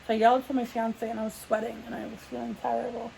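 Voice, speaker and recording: Woman vlogger, young adult, gravelly and rambling, faint room hum behind. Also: on the high side, level tone, fast, warm tone, poor audio. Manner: rambling, full of "like" fillers and restarts. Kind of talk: casual sit-down storytelling.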